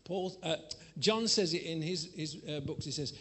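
A preacher with a fairly high voice delivers a sermon to a live congregation. He tells a frank personal story with self-mocking humor, sometimes dropping to a near mutter and sometimes rising to a loud, exaggerated plea. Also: moderate pace, slight background noise. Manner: candid, self-mocking storytelling with lively swings in loudness.

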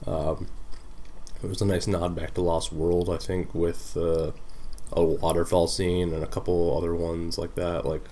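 Deep-voiced guy rambling thru a film review, lots of ums, swears a bit. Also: level tone, measured pace, mellow, a little hiss or hum. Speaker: podcast co-host. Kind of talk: casual chat reviewing films and shows.

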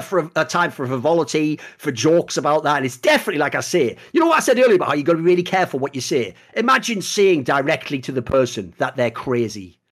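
A man co-hosting an esports podcast, ranting angrily with lots of swearing and sarcasm. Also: fairly high pitch. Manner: angry, profane, sarcastic ranting. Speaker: podcast co-host. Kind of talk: heated esports commentary podcast.

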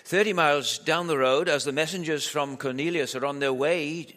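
A man's voice: a little high, moderate pace, a bit bright. A man preaching a sermon at a church camp in a conversational, joking way, asking his listeners lots of rhetorical questions. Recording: echoey hall with long reverb.

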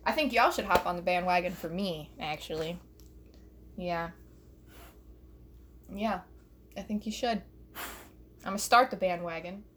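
A woman's voice: fairly low pitch, unhurried, pauses often, fairly bright tone, a little hiss or hum. A young woman doing a profane, rambling comedy rant alone in her bedroom, recorded on her phone, laughing at her own jokes. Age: young adult. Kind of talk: solo stand-up style rant.

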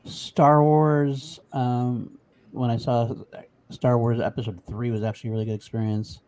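A man hosting a casual chat and listing his favorites in a relaxed way. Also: medium pitch, moderate pace.

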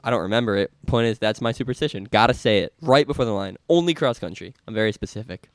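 A man's voice: fairly low pitch, fast, no room sound, clean studio sound. A young man co-hosting a running podcast, telling stories in a laid-back, rambling way. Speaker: podcast co-host. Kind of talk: casual chat.

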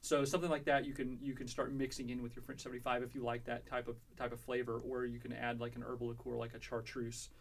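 A man's voice: mid-range voice, little pitch movement, fast talker, gravelly, hardly any pauses. A man co-hosting a casual podcast, explaining cocktail recipes step by step with lots of fillers and restarts. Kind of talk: casual chat.

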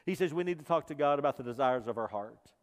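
A man preaching a sermon as pastor, impassioned, moving between loud emphasis and hushed intensity. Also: mid-range voice, animated, quick pace. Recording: reverberant hall.

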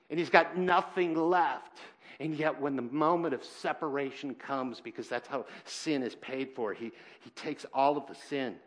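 A man delivers an earnest church sermon, his voice sitting a little higher than most men's. He talks in halting bursts, rising to loud emphasis and then dropping to near-hushed, heavy lines. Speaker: pastor.

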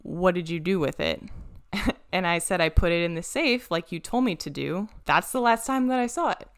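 Smooth-voiced woman telling a rambling story. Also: on the low side, moderate pace. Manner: animated storyteller, swears freely, acts out quoted voices. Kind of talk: casual podcast chat.

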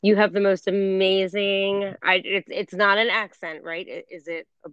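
A woman's voice: mid-range voice, flat delivery, moderate pace, a bit bright, smooth, no echo, muffled recording. A woman from the United States in her forties, hosting an interview over a call, effusive and stumbling over repeated starts. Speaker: podcast host. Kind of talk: casual conversation. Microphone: phone or call recording.

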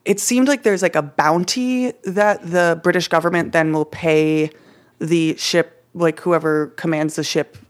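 On a casual history podcast, a woman co-host presents her research as a chatty story, full of "like," "uh," and playful slang. Her voice sits on the low side, unhurried and steady in tone.

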